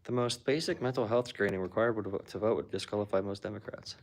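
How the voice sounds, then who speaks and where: A fast-talking political commentator with a fairly low voice chats casually about politics. He's blunt and sarcastic, dropping "like" constantly.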